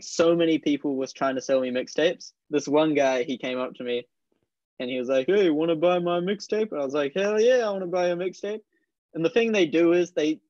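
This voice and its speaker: A man's voice: on the high side, a little mellow, no echo. Young New Zealand man telling stories. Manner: laughs often while telling stories. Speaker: guest snowboarder. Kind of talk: casual storytelling. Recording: dull dry lo-fi sound.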